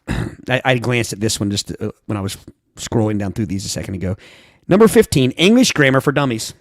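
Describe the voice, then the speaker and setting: Male podcast co-host, mid pitch, dry close recording, deadpan reader of joke reviews. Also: a little fast, dry recording. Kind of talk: casual chat, reading reviews aloud.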